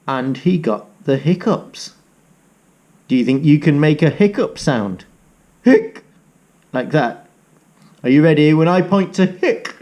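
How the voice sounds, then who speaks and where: A male teacher reading a picture book aloud to young children, animated and inviting them to join in with sounds. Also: fairly high pitch.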